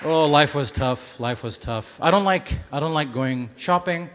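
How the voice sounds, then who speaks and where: A man in his thirties from Bahrain performing a stand-up comedy set, telling stories with sudden loud outbursts and acted-out voices. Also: on the high side, unhurried, a faint crowd, a little hiss or hum. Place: comedy stage before a live audience.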